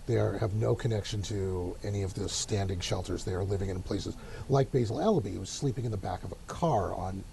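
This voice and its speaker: A man's voice: fairly low pitch, a little fast, creaky, hardly any pauses, dark tone, slight background noise. A man, giving wry, opinionated commentary in a casual talk show discussion. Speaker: local politics commentator.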